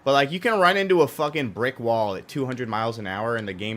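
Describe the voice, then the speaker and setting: A young man streaming a racing game live, talking casually and profanely while he plays, with a hoarse, strained voice and sudden loud outbursts. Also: medium pitch, fast. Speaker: gaming streamer.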